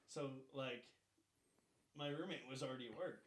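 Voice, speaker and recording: A young man telling crude stories on a casual podcast, laughing often and loudly acting out the people in them. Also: medium pitch, steady tone, normal speed, reverberant. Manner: crude, laughing storyteller who acts out others loudly. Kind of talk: casual chat, storytelling.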